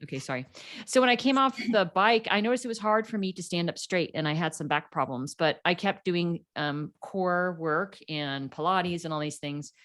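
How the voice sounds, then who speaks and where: A woman's voice: lowish voice, moderate pace, fairly bright tone. A middle-aged woman, a podcast guest, telling her story in a casual interview and acting out the people she quotes.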